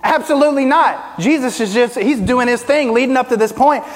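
A man preaching a sermon as pastor, asking the congregation rhetorical questions, rising and dropping from loud to quiet. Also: fairly quick, in a large hall. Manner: preaching with rhetorical questions, pitch and volume swinging widely.

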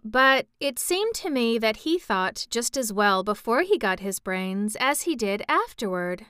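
An earnest little girl in a storybook, eager and insistent, as a woman reader puts her on. The voice sits higher and brighter than the reader's own, smooth and resonant, unhurried, recorded dry and close. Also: big pitch swings, no room sound.

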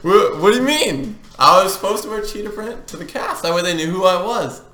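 A man's voice: sits high, lively intonation, brisk, roomy sound. A man co-hosting a casual podcast chat, loose and joking. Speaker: podcast co-host.

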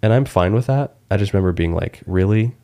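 A young man hosting a podcast, chatting casually and telling crude, animated stories about home life. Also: deep voice, quick pace, gravelly. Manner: joking, crude, animated storyteller. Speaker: podcast host. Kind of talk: casual chat.

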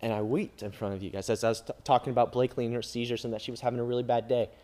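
Talking very fast in a steady, mid-range voice, this youth pastor, an adult father, delivers an emotional sermon. His lines lurch from loud cries down to hushed near-whispers.

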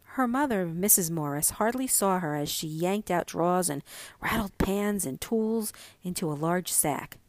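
Slow, measured woman narrator. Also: lowish voice, animated, no room sound. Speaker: podcast host and story narrator. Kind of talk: reading a short story aloud.

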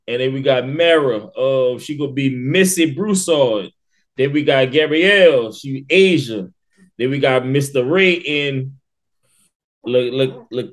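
A man with a mid-range voice, co-hosting a casual podcast. He talks in a relaxed, unhurried way and often pauses or trips over his words. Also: medium pitch. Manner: laid-back, hesitant, stumbles over names. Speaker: podcast co-host.

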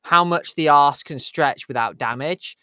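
A man's voice: on the high side, measured pace, pushed and bright, clear, resonant tone, no room sound, clean studio sound. A man in casual chat, stammering and rambling with crude language.

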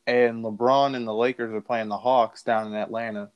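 A man's voice: medium pitch, steady tone, normal speed, clear, resonant tone, muffled recording. A man co-hosting a casual talk recording, talking loosely with slang and laughing often. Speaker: podcast co-host. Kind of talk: casual chat.

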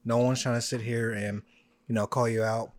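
A man from Oklahoma chatting casually on a podcast, relaxed and slangy. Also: medium pitch, moderate pace. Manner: laid-back, chill, slangy. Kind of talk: casual banter.

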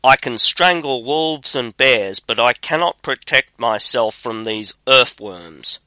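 A man's voice: mid-range voice, expressive, slow pace, pushed and bright, dry recording, full character voice. A man reading the lines of a huge, boastful male giant who turns wary.

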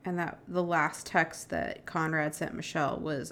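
A woman's voice: low voice, little pitch movement, unhurried, fairly bright tone. A woman co-hosting a podcast, casually retelling a true-crime case and reading out text messages, with lots of "like" and "um" fillers. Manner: chatty, many "like" and "um" fillers, quotes texts with "she goes". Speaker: podcast co-host.

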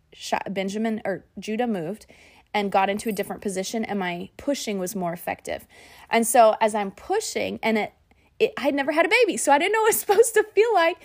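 A young woman, telling her own story in a lively, chatty way, often laughing and acting out what was said. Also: fairly high pitch. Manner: animated, laughing, says "y'all", acts out her own and her husband's lines. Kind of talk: personal storytelling.

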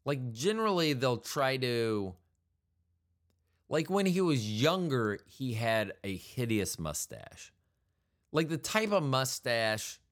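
Male podcast host, low voice with lively swings, meandering casual monologue, dry humor. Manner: meandering, self-correcting, wry.

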